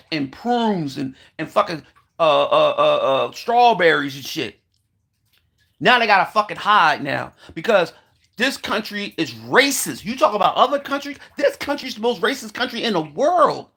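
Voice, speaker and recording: A man's voice: high voice, bright, forceful tone. A man delivering a heated, profane monologue, repeating himself as he rants. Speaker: commentator. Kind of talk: ranting monologue.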